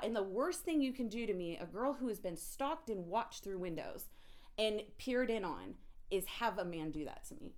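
A woman telling an emotional personal story in an intense, animated way, often restarting her sentences. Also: mid-range voice, moderate pace.

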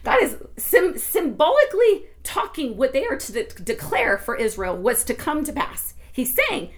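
A woman giving an informal devotional talk, rambling with many restarts and swinging between hushed and excited tones. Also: high-pitched, moderate pace, hardly any pauses. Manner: rambling, emotional, with frequent restarts. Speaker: Christian teacher.

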